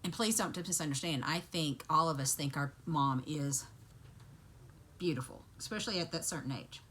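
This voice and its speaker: A woman's voice: low-pitched, normal speed, slight background noise. A woman vlogger casually retelling a TV episode to her viewers, chatty and full of asides. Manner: chatty, lively storytelling with asides.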